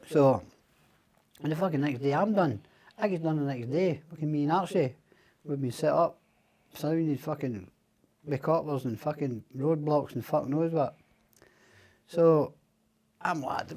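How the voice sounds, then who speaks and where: A man's voice: fairly high pitch, normal speed, darkish tone. Swearing Scottish man telling stories. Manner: profane, rambling, quotes others in dialogue. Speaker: guest. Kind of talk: casual storytelling.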